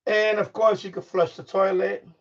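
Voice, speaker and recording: A man's voice: sits high, flat delivery, moderate pace, a little hiss or hum. A middle-aged man hosting a live stream, chatting in a rambling way full of fillers and restarts, out of breath as he tidies his home studio. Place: home studio room, moving around while tidying. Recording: distant, dull lo-fi mic.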